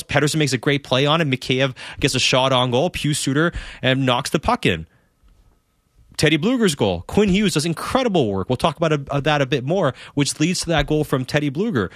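A man's voice: medium pitch, a bit bright, dry recording, clean studio sound. A man hosting a post-game sports call-in show, talking emphatically and asking rhetorical questions. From Canada. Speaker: sports radio host.

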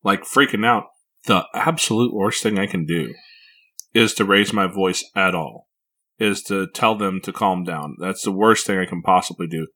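A man's voice: low voice, moderate pace, bright, forceful tone. A man hosting a casual podcast conversation as a parent, speaking reflectively with frequent repeated words.

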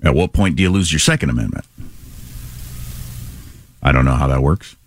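A man's voice: a bass voice, moderate pace, slightly rough, no echo. A middle-aged man hosting a talk radio show, rambling through stories in a casual, conversational way.

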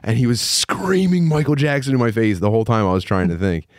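A man's voice: medium pitch, sing-song, fairly quick, no room sound, studio quality. A man on a podcast telling a rambling, self-deprecating comic story in casual, crude chat, laughing often. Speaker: podcast co-host.

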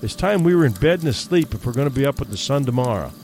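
A man voicing a nervous young hunter in an audiobook, speaking quickly and defensively. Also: mid-range voice, expressive, darkish tone, soft background music, close to an everyday voice. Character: young city hunter, nervy. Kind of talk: audiobook character reading.

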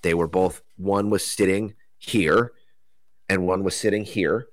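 A young man from New Jersey telling a rambling, animated story in casual conversation, loose with slang and swearing. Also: sits low, unhurried, no room sound.

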